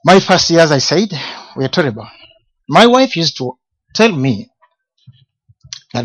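A man's voice: on the high side, sing-song, takes it slowly, long pauses, a bit bright. A man preaching a sermon as a personal testimony, emphatic, repeating key words and asking rhetorical questions. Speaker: minister of a men's ministry. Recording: dull lo-fi recording.

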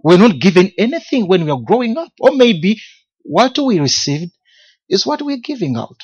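Male minister giving a testimony sermon, emphatic with rhetorical questions, husky voice, muffled lo-fi sound. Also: sits high, sing-song, moderate pace, darkish tone. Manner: emphatic, repeats key words, rhetorical questions. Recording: dull lo-fi recording.

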